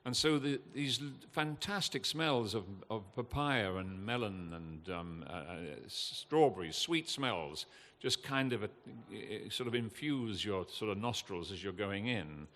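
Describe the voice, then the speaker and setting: An older man, giving an impassioned, earnest talk from a festival stage, halting with fillers now and then. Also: fairly low pitch, expressive, fairly bright tone. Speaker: guest speaker at a festival. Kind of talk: emotional public talk. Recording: long hall reverb.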